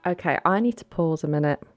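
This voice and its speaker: A woman hosting a life-sim game playthrough, chatting excitably to her viewers as she reacts to what happens. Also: sits low, smooth. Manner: excitable, chatty, gasping in shock. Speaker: gaming channel host. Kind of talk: casual gameplay commentary.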